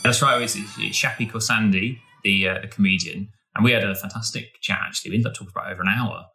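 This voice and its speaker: Man, podcast co-host, quick talker with a bright tone, eager and rambling delivery. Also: lowish voice, fairly even intonation, vocal fry. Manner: enthusiastic, rambling with restarts. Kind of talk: casual podcast chat.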